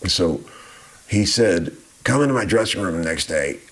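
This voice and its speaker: A man's voice: low-pitched, lively intonation, normal speed, fairly bright tone, slightly rough. A man telling stories in a casual, laid-back way, rambling and often saying "man". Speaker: guest musician telling stories. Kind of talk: casual storytelling.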